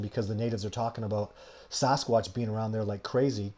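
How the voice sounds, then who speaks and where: A man hosting a live question-and-answer stream, greeting viewers by name mid-sentence and telling an animated anecdote with frequent laughter. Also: on the low side, quick pace. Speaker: live show host. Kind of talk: live Q&A with storytelling.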